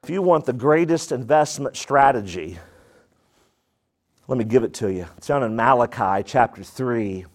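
A man preaching a sermon to his congregation, calling out to them for answers and swinging between low, intoned lines and high, excited ones. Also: moderate pace. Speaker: pastor.

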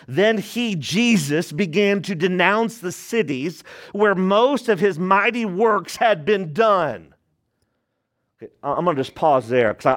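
A man preaching a sermon as a pastor, speaking emphatically, asking the congregation rhetorical questions and swinging between raised and hushed delivery. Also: on the high side.

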